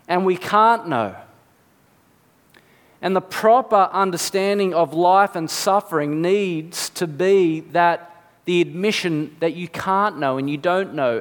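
A man with a fairly high voice preaches a sermon. He reasons aloud, poses rhetorical questions and acts out little asides. His voice rings with a long reverb. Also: fairly bright tone.

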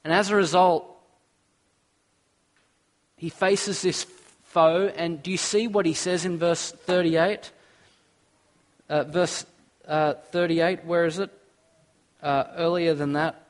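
A man's voice: a little high, fairly even intonation, slow, pauses often. A man preaching a sermon, earnest, asking the listeners questions and reading scripture aloud.

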